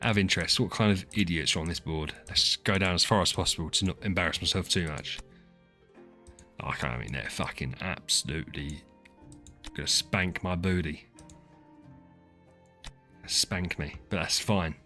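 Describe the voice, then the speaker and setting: A man's voice: low voice, moderate pace, pauses often, sharp tone. A chatty man, chatting casually as a streamer. He teases and rambles, often restarting his sentences. Faint music plays behind him. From southern England. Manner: chatty, teasing, frequent restarts and laughs. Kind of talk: casual chat with chat readers.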